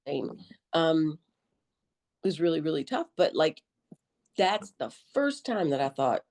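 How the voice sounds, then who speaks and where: Mellow, lower-voiced woman telling stories. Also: normal speed. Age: middle-aged. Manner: animated, joking, colloquial storyteller acting out her own quotes. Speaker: podcast guest, army veteran nurse. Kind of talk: conversational interview storytelling.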